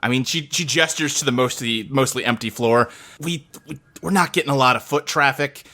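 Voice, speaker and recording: A man's voice: mid-range voice, brisk, pushed and bright. A man narrating and running a tabletop game in casual, profane talk. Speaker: game master.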